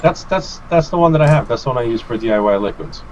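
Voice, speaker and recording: A man's voice: medium pitch, animated, fast talker, a little mellow, highs cut off, a little hiss or hum. A man telling a casual, profane story as a guest on a live stream, acting out his own outbursts. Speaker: guest vape reviewer.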